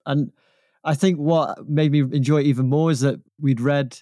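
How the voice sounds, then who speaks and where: A man's voice: on the high side, steady tone, moderate pace, warm tone, no echo. A man co-hosting a film podcast, giving his opinions with a dry, wry humour. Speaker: podcast co-host. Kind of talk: casual film discussion.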